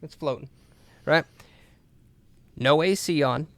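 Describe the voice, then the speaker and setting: A young man co-hosting a podcast, telling a story in a lively, casual way with lots of swearing and filler words. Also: a little high, slow pace, no room sound. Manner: animated, swears a lot, says "like" and "dude". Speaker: podcast co-host.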